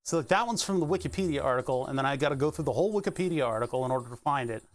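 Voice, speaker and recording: A man's voice: mid-range voice, expressive, rapid-fire. A man streaming live, chatting casually and thinking aloud as he pedals an exercise bike, laughing often. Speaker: Twitch streamer.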